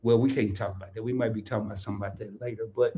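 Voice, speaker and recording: A man hosting a casual live stream, talking loosely and teasing with quick laughing bursts. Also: lowish voice, steady tone, dark tone. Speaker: host.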